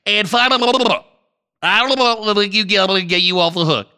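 A man doing a hammy comic parody of a radio host, jumping between a low growl and high shouted catchphrases. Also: fairly quick, smooth. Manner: hammy, over-the-top.

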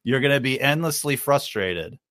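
A man's voice: medium pitch, animated, moderate pace, a bit bright. A man co-hosting a podcast, teasing and laughing often in casual chat. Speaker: podcast co-host.

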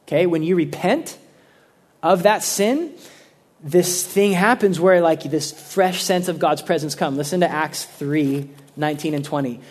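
A young adult man preaching a casual, animated sermon, telling stories with swings from loud outbursts to hushed asides. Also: fairly high pitch, unhurried.

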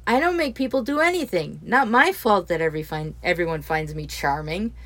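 A woman voicing a brash, rowdy young man who talks loudly and teases his friends. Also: lowish voice, lively intonation, a little fast. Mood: teasing. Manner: loud, boisterous, teasing.

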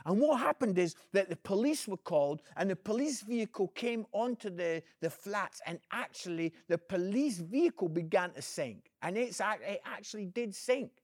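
A man's voice: high-pitched, normal speed, hardly any pauses, no room sound, clean studio sound. A man, an evangelist, giving an earnest inspirational video message and calling the listener "friend". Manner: energetic, swings between loud emphasis and quiet.

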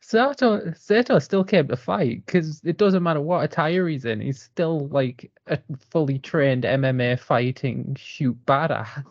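A man co-hosting a casual wrestling chat, animated and joking, talking in quick bursts. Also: fairly high pitch, dry recording. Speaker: podcast co-host. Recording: dull lo-fi sound.

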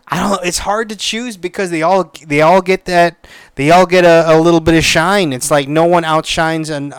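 A man giving a casual spoken movie review, excitable and profane, with lots of restarts. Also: fairly high pitch, clean tone, no echo.

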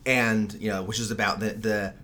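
A man's voice: on the low side, level tone, normal speed, pushed and bright, a little hiss or hum. A man co-hosting a podcast in casual chat, rambling with lots of fillers and casual swearing, on a studio mic. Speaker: podcast co-host.

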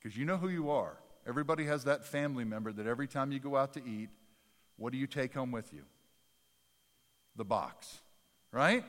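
A man preaching a sermon in a church sanctuary, animated, with folksy, self-deprecating humor. His delivery swings from soft asides to loud, emphatic bursts. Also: mid-range voice, a little fast, in a large hall. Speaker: pastor.

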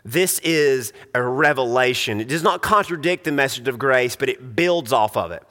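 A man's voice: mid-range voice, animated, normal speed, bright, forceful tone, long reverb tail. A man preaching a sermon in an earnest, emphatic way, often restarting his sentences. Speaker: pastor.

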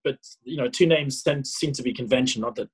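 A man from South Africa in his thirties, telling a personal story as a podcast guest, animated and full of fillers. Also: medium pitch, fairly quick, husky, poor audio. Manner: animated, acts out his own past dialogue, many fillers and restarts. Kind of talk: casual storytelling.

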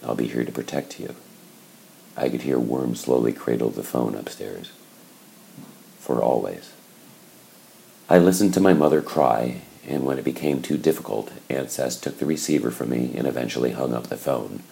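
Very deep gravelly male narrator. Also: dark tone, low-quality recording. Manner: measured, reflective. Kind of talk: scripted audiobook narration.

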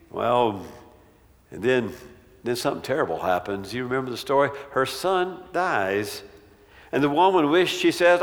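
A man delivers a sermon in a large church, building dramatic swells as he retells a story and voices its people. His voice sits a little high for a man. The room's long reverb trails after every phrase. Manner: dramatic, acts out quotes with swells in pitch and volume. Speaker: preacher.

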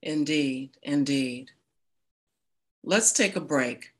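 A woman hosting a radio talk show, speaking in a measured, announcing way. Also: deep voice.

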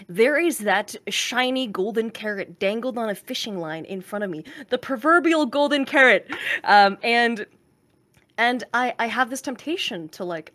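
A woman giving her views in a casual gaming podcast, animated and candid, laughing easily. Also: medium pitch. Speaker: podcast guest. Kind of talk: casual debate chat.

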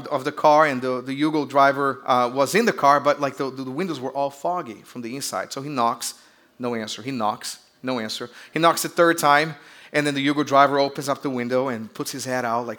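Bright-voiced Brazilian pastor preaching. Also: male voice, medium pitch, a little fast. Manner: chatty, joking storyteller with audience call-outs. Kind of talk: sermon.

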